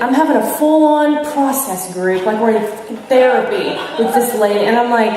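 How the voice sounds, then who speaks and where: A young woman tells her recovery story to a crowded convention, candid and self-mocking, slipping into the voices of the people she quotes. She is picked up from far away, so her voice rings through the hall's long reverb, and soft room ambience hums underneath. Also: fairly high pitch, normal speed, hardly any pauses, noisy background. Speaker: AA speaker sharing her story. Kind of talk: recovery testimony to a live audience. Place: large convention hall with an audience. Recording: echoey hall from far off.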